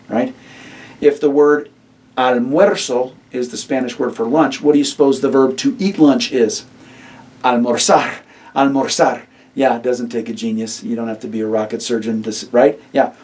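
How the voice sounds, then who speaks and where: A man teaching vocabulary in an easygoing, encouraging way, often tossing questions at his students. His voice is mellow and dark, recorded a little away from the mic. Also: mid-range voice, recorded from a distance. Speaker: Spanish teacher.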